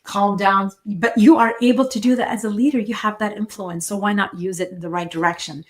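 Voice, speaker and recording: A middle-aged woman hosting a podcast, talking in an easy conversational way. She slips into little quoted voices to act out what people think and say. Her pitch sits in a plain middle range for a woman. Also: brisk. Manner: animated, acts out quoted inner voices. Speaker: podcast host. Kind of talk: casual conversational interview.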